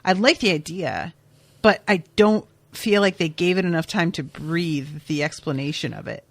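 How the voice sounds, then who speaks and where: A woman podcast host casually recapping a TV episode, chatty and expressive, swearing now and then. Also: lowish voice, moderate pace, vocal fry, no echo.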